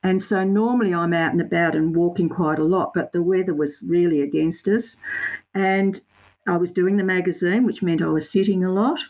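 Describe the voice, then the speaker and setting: A woman's voice: fairly low pitch, normal speed, darkish tone, low-quality recording. An Australian woman, a guest artist, telling her story in a rambling, self-correcting way with local slang. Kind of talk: casual interview chat.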